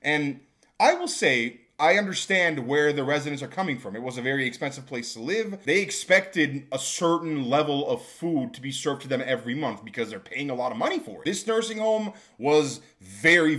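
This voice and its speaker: A man telling a storytime vlog about a job, exasperated and ranting. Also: medium pitch. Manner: exasperated, builds to shouting rants. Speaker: vlogger telling a work story. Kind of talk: storytime monologue.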